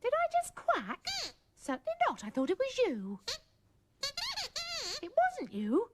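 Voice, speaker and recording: Chirpy high presenter coaxing puppets. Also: female voice, wildly swooping pitch, measured pace. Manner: cheerful, coaxing, corny jokes. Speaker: children's TV presenter. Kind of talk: talking to puppets on a children's show. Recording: loud tape hiss from old VHS.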